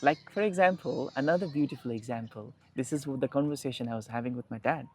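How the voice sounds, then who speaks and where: A man's voice: mid-range voice, fast talker. Reflective young man musing aloud. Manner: reflective, restarts and repeats phrases. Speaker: podcast guest. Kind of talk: casual conversation.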